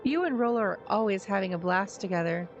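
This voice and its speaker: A woman's voice: medium pitch, animated, fast talker, dull audio, soft background music, lightly acted. A woman streamer reading the lines of a bitter, sarcastic boy from a story game, blunt and slangy. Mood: glum. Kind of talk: game dialogue read aloud.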